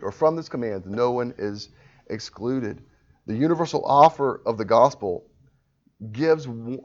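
A man preaching a sermon in an earnest, emphatic way, swinging between quiet reasoning and forceful pleas. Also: a little high. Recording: dull lo-fi sound.

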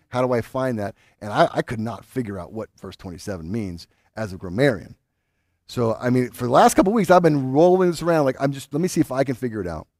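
A man's voice: on the high side, no echo, studio quality. A male pastor preaching a sermon in a conversational, teaching way, often restarting phrases and building to emphatic peaks. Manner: conversational teaching with many restarts, rising intensity.

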